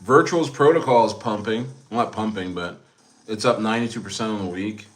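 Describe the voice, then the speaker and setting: A man's voice: on the low side, normal speed. A man hosting a casual livestream, rambling about coins, repeating phrases and calling his viewers guys. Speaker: crypto streamer.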